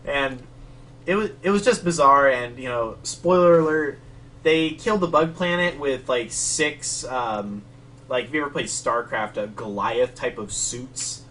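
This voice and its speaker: A man co-hosts a relaxed conversation, drifting through his points with plenty of fillers. He sits some distance from the microphone. A faint steady ambience hums behind him. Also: mid-range voice, unhurried, slight background noise. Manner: rambling, with many fillers. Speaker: podcast co-host. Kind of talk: casual chat between matches.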